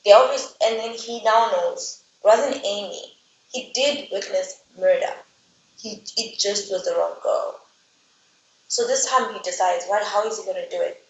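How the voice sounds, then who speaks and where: A woman's voice: mid-range voice, unhurried, a little hiss or hum. Woman book reviewer, casual vlog recap; chatty, filler-heavy, exasperated asides; roomy, slightly muffled recording.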